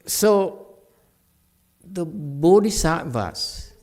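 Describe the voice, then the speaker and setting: A middle-aged man giving a dharma talk with questions and answers, animated, laughing and acting out quoted voices. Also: on the high side, very slow. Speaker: meditation teacher.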